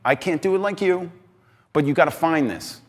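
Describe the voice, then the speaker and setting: A man giving an energetic talk on stage, emphatic and excitable, swinging between loud bursts and quieter asides. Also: a little high, moderate pace. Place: large hall on stage. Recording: reverberant hall.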